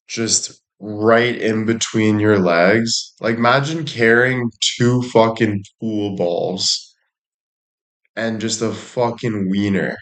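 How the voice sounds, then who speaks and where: A young man chatting casually to his audience, rambling and making crude jokes. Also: lowish voice.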